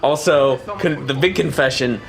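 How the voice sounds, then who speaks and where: A man's voice: mid-range voice, moderate pace, gravelly. A man co-hosting a game stream, joking and laughing through casual chat. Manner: joking, playful, laughs often. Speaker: co-host playing a game on stream.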